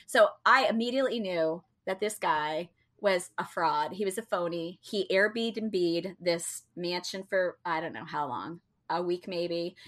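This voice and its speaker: A woman's voice: fairly low pitch, fairly bright tone. A woman telling a long story in casual chat, chatty and full of fillers and restarts. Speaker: co-host telling a travel story.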